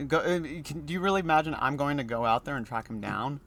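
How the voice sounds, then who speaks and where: A man's voice: mid-range voice, lively intonation, fast, fairly bright tone, dry recording. A man reading a weary sarcastic doctor. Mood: exasperated dry. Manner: dry, exasperated, sarcastic. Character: weary stern male doctor, dry and sarcastic. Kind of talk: reading game dialogue aloud.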